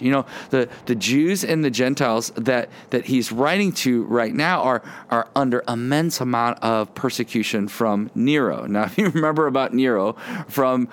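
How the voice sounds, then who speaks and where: A man's voice: medium pitch, normal speed. A man preaching a sermon outdoors in the wind, earnest and repeating words as he acts out quoted voices. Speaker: pastor. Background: wind noise.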